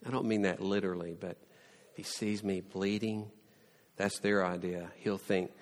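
A man preaching a sermon, telling the story with lively, playful asides and mock sarcasm. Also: on the low side, normal speed, long reverb tail.

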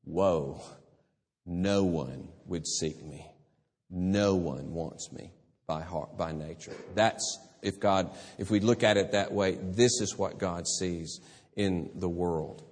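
A man's voice: sits low, slow pace, darkish tone, long reverb tail. A man preaching a sermon as pastor, conversational and emphatic by turns.

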